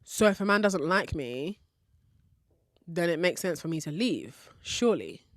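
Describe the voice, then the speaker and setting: A woman's voice: lowish voice, animated, a little slow, no room sound, studio quality. A woman hosting a podcast, giving frank relationship advice in a candid style, swearing casually and laughing often. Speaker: podcast host.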